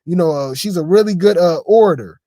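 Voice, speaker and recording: A man's voice: high voice, fairly quick, mellow, no echo, clean studio sound. A man giving casual reaction commentary on video clips, chatty and stammering, throwing asides to his viewers. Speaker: commentary host.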